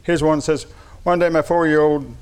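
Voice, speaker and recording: Male preacher, fairly high voice, reads funny anecdotes aloud, then turns to earnest sermon. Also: steady tone, brisk, smooth. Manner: shifts between light storytelling and earnest preaching.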